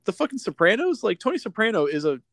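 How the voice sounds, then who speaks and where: A man's voice: sits high, big pitch swings, fast talker, a bit bright, no echo, studio quality. A man co-hosting a podcast in casual chat, rambling and swearing freely with many restarts. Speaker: podcast co-host.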